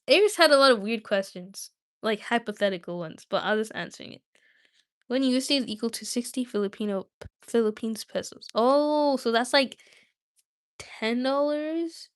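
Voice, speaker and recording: A woman's voice: a little high, unhurried. A young woman hosting a livestream, chatting casually with viewers in a rambling, self-interrupting way. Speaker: livestream host.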